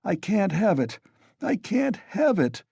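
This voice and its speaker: A sickly young man pushed to the edge, snapping short commands in a raised, strained voice, as a male reader puts him on. The tone is dark and close, with sharp swings in pitch. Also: expressive, a little slow, dry recording. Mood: irritable. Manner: snapping, insistent.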